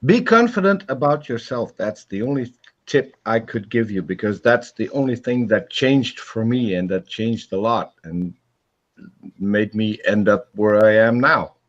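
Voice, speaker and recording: Male host, casual stream chat, slow, lively pitch, dull lo-fi audio. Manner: earnest, giving advice. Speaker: channel host answering chat.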